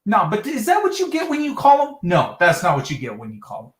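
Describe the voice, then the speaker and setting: A man's voice: high voice, huge pitch swings, quick pace, reverberant. A man ranting heatedly on a livestream talk show, swearing and exasperated.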